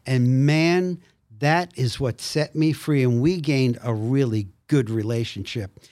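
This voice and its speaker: A man's voice: mid-range voice, a little slow, no room sound. An older man, an actor and minister, telling stories animatedly as a podcast guest, acting out the quotes. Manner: animated storyteller, acts out quotes. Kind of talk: storytelling in a podcast interview.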